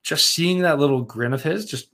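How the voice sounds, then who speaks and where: Excitable man chatting about hockey. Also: on the high side, normal speed. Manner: excitable, swears, animated storytelling. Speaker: podcast co-host. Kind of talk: casual sports chat.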